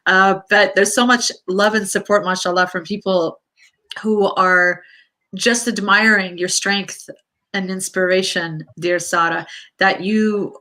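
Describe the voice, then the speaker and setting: A woman's voice: mid-range voice, pushed and bright. A woman with a Canadian accent hosting a live interview as a counsellor, affirming and encouraging, often adding Islamic blessings. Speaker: counsellor and host.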